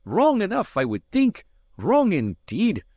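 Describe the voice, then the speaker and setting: A man reading an audiobook, voicing a cunning rogue who speaks in gruff, forceful bursts. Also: sits high, huge pitch swings, takes it slowly, no echo, highs cut off, pitched above the performer's own voice, heavily acted. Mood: furious. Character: roguish Scottish Highland man, fierce and cunning. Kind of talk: audiobook character voice.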